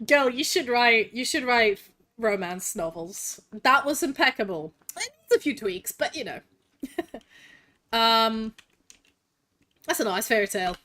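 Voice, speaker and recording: A woman's voice: fairly high pitch, lively intonation, a little slow, pauses often, pushed and bright. A woman streamer giving brash, playful live commentary on a game, swearing freely.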